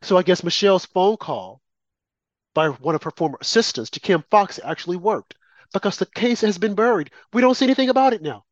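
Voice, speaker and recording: A man's voice: sits high, animated, fairly quick, no echo. A man delivering an opinionated commentary monologue, emphatic and repetitive, with mocking asides. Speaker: political commentator. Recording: dry, slightly muffled lo-fi audio.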